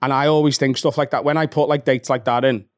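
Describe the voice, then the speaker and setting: A Scouse stand-up comedian from Liverpool, England, in his thirties, rattles through stories quickly as a podcast guest, swearing freely and acting out little scenes in casual chat. His voice is middling in pitch, recorded close and dry with no room sound.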